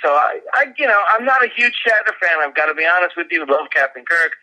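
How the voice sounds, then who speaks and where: A man co-hosting a casual podcast chat, talking haltingly with many fillers and restarts. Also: on the high side, animated, pushed and bright, poor audio. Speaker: podcast co-host.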